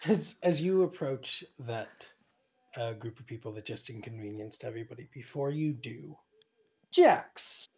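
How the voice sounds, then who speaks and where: A man's voice: mid-range voice, unhurried, darkish tone, slightly rough. A man with an English accent running a tabletop horror game as game master, narrating loosely with many fillers.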